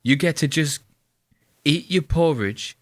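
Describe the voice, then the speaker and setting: A man's voice: a little high, takes it slowly, voice pushed up. A man putting on a twee, giddy young British man in a put-on mock-British whine. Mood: smug.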